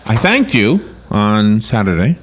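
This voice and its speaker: A man's voice: lowish voice, big pitch swings, a little slow, slight background noise. A man hosting a casual call-in radio show, chatty and laughing at his own stories.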